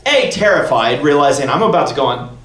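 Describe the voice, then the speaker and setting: A man hosting a fan convention panel, telling a story in a lively way, acting out quotes and laughing often. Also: on the high side, fairly quick. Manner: animated, laughing, acts out quotes. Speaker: panel host. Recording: echoey room from far off with faint noise.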